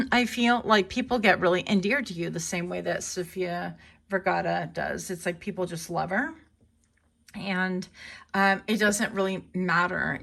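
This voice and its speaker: Chatty woman with a gravelly voice. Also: lowish voice, a bit bright. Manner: rambling, chatty, self-correcting. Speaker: tarot reader. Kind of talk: casual tarot reading.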